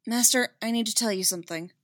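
A woman's voice: a little high, fairly bright tone, no echo, clean studio sound, voice pushed up, lightly acted. A woman voicing an anxious young male Jedi. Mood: worried. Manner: hurried and pleading. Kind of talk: fan audiobook reading.

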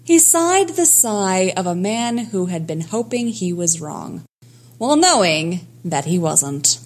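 A woman narrating a fan fiction story in a lively storytelling manner. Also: mid-range voice, slow.

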